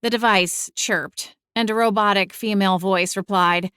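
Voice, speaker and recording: A young adult woman narrating a first-person audiobook, expressive and exasperated in the dialogue. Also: medium pitch, normal speed, hardly any pauses, smooth, dry recording, studio quality.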